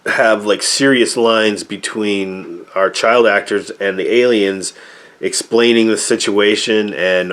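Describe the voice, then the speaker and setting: A man's voice: lowish voice, steady tone, slow, a bit bright. A man giving a rambling, sarcastic review of an old movie, often exasperated and full of fillers.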